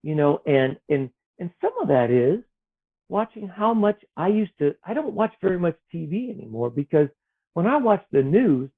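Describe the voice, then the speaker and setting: A man speaks gently and earnestly about faith, his fairly high voice rising and falling in lively swings. He sometimes acts out the voices in his head. The sound is thin and tinny, like a phone line. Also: moderate pace. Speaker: author guest. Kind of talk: reflective spiritual conversation.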